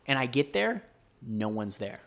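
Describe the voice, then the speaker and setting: A man's voice: mid-range voice, sing-song, unhurried, gravelly, fairly bright tone. A young man casually telling a long story on a podcast, swearing a lot and sounding fed up. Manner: profane, exasperated storytelling.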